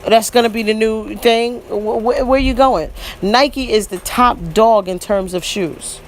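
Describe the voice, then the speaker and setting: A woman's voice: a little high, measured pace, slight background noise. A woman in her forties giving preachy vlog commentary, emphatic and repetitive, often breaking in with "listen" and "you know what I mean". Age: 40s. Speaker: vlogger.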